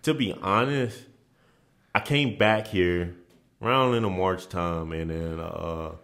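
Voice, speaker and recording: Very deep-voiced man telling stories. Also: takes it slowly. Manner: relaxed, with frequent restarts and repeated phrases. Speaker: interview guest, former basketball player. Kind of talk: casual storytelling in a podcast interview.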